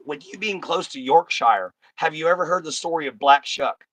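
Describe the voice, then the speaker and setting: A man's voice: on the high side, normal speed, fairly bright tone, no echo. A man hosting a casual live stream, talking bluntly and folksily straight to his chat.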